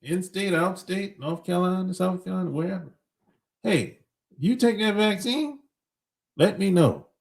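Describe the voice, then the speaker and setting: A man's voice: high-pitched, expressive, normal speed, creaky. A middle-aged man hosting a podcast, talking bluntly in a casual opinionated monologue, chuckling between points. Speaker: podcast host.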